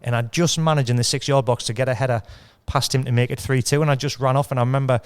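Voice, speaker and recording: A middle-aged man from North East England telling animated anecdotes in a casual chat. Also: medium pitch, quick pace, clear, resonant tone. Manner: animated anecdotes, quotes others. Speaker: podcast guest, ex-footballer.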